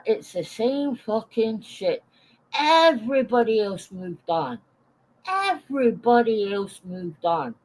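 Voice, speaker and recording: A woman's voice: on the low side, a little mellow, breathy edge, low-quality recording. Woman in her forties, live-stream rant, blunt, swears a lot, greets chat viewers as she goes. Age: 40s.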